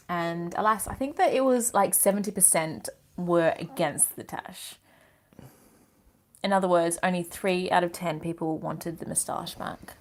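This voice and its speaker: A woman's voice: lowish voice, normal speed. A woman co-hosting a live stream, chatting casually in a teasing, matter-of-fact way. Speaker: sailing vlog co-host.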